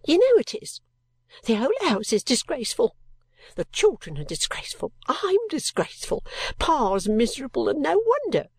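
A woman's voice: medium pitch, a little slow, breathy edge, dry recording. Female reader voicing a sulky, resentful teenage girl, blunt and gloomy, dry close read. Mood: bitter.

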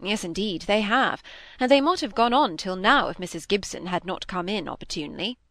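A woman reading aloud, voicing a tired, plaintive young gentleman with mild gallantry. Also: mid-range voice, lively intonation, brisk, no echo, clean studio sound.

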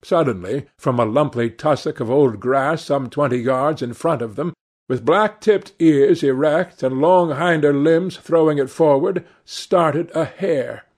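Slow, measured male audiobook narrator. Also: on the high side, a little mellow. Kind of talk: scripted literary narration.

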